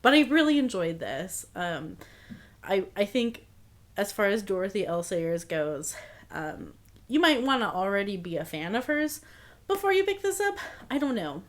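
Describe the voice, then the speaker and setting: A woman's voice: medium pitch, big pitch swings, moderate pace. Chatty woman reviewing books. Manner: chatty, frequent fillers and laughs. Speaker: book vlogger. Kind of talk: casual book review chat.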